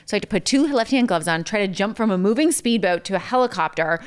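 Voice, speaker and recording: A woman's voice: medium pitch, animated, quick pace, clear, resonant tone. A woman guest in casual chat, telling stories with many "like" fillers. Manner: chatty storytelling full of "like" fillers. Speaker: podcast guest.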